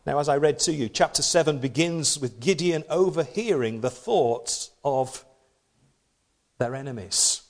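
A man's voice: fairly high pitch, lively intonation, unhurried. A man preaching a sermon, reading scripture dramatically and adding playful asides. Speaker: pastor.

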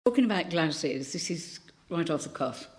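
An elderly woman in her eighties with a low, deep voice and a faint Birmingham accent. She tells chatty, rambling stories, full of ums and restarts. She is giving a thought for the day. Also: lively intonation, moderate pace, a little mellow. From Birmingham, England. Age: 80s. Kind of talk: casual anecdotal talk.

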